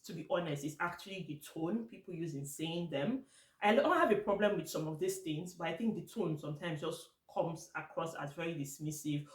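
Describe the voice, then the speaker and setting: Blunt Nigerian woman in an echoey room. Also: on the low side. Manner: blunt, exasperated, switches into Pidgin for quotes. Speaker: vlogger. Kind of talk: casual talk to camera.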